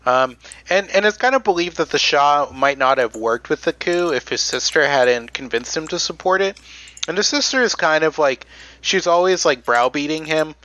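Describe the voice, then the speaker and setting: Male podcast host, bright tone, casual rambling storyteller. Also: fairly high pitch, expressive, normal speed. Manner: rambling storyteller, many fillers. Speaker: podcast host telling history. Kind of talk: casual chat.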